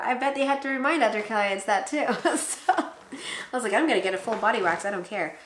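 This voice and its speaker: A woman's voice: medium pitch, a little fast, fairly bright tone. A young woman in her twenties from the Philippines, casually chatting to camera in a vlog, laughing often and acting out quotes. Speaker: pregnancy vlogger. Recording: echoey room.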